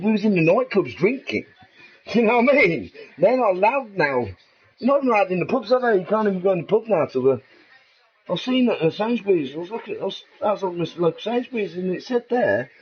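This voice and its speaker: A middle-aged man with an English accent, rambling in a casual, profane monologue and laughing at his own jokes. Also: on the high side. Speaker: vlogger. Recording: dull lo-fi recording.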